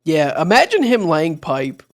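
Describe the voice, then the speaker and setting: A man's voice: on the high side, very animated, unhurried. A man co-hosting a podcast, throwing in crude wisecracks during casual chat. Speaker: podcast co-host.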